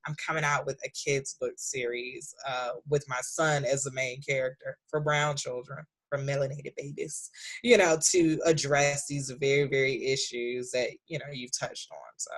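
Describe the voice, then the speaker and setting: A woman in her thirties, a podcast guest, talking candidly about raising her son, animated and leaping high when she quotes him. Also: moderate pace. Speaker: podcast guest, author and speaker. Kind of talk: candid conversational storytelling.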